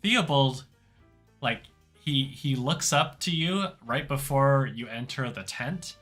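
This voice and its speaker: Slow, bright-voiced male game master. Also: mid-range voice, soft background music. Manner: loose, relaxed, lots of fillers. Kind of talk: narrating an improvised tabletop game.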